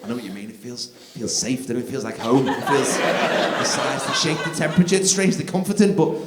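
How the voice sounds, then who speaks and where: A man doing live stand-up comedy on a theatre stage, telling stories in a conversational, animated way. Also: medium pitch, fairly quick. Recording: echoey theatre, loud crowd noise.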